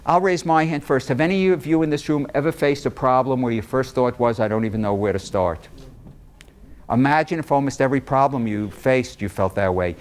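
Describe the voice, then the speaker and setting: A man of middle pitch lectures a live audience in a room, animated and storytelling. He acts out the quoted dialogue and keeps dropping joking asides as he speaks. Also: a little fast. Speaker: psychologist giving a public talk.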